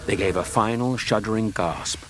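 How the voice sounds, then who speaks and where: A man narrating an audiobook in a steady, dramatic storytelling manner, close to a studio mic. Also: on the low side, normal speed, background noise.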